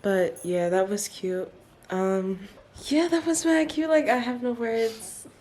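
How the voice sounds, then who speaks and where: A woman's voice: fairly high pitch, takes it slowly, background noise. A woman in her early twenties from Trinidad, chatting loosely with lots of fillers as she vlogs her holiday. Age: early 20s. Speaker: vlogger. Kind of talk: casual travel vlog. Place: holiday resort in Jamaica.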